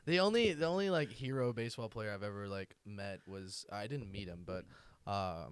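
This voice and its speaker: A man's voice: fairly low pitch, moderate pace, smooth. A man hosting a comedy podcast, bantering in a laid-back, profane way. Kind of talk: casual podcast chat.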